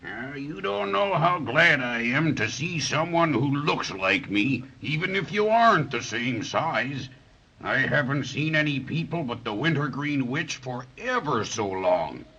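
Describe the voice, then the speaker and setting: Fee Fo, a gentle lonely giant. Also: male voice, medium pitch, animated, breathy edge, full character voice. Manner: slow, kindly, drawn-out speech. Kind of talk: 1930s radio drama acting. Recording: dull lo-fi old radio recording.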